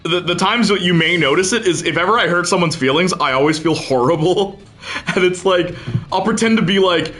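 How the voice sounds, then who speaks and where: A man's voice: sits high, fairly quick, a bit bright. A man streaming a game, chatting casually with his audience and friends in a rambling way full of fillers and restarts. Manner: talks to chat and friends, laughs often. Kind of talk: casual livestream chat while gaming.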